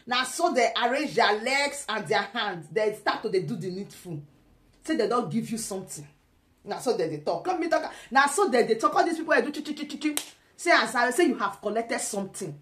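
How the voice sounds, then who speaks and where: A woman's voice: on the high side, a bit bright. Teasing laughing Nigerian woman, echoey room. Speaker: commentator. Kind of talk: casual pidgin commentary.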